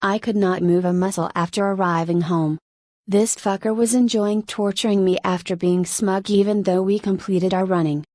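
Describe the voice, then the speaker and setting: A woman reading a light novel audiobook aloud, first-person narration delivered evenly. Her voice sits at a middle pitch, and the recording is dry and close. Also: steady tone, moderate pace, a little mellow, no room sound.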